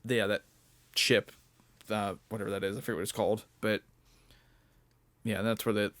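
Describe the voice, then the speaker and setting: A man's voice: lowish voice, level tone, a little fast, a bit bright. A young man co-hosting a podcast, talking in a loose, rambling way, full of fillers and restarts. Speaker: podcast co-host. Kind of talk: casual chat.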